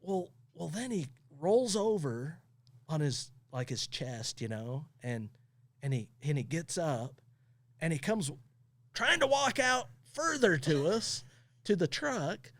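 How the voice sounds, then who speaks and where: A man who owns a towing company, guesting on a podcast and telling funny stories in a casual, animated way, often laughing as he talks. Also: high voice, slow, no room sound. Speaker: tow truck company owner, podcast guest. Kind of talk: casual storytelling.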